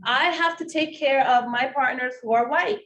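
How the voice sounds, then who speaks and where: A woman with a non-native English accent telling a personal story in a talk, animated and emotional. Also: high voice, normal speed. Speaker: social work presenter. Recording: distant mic, faint hiss.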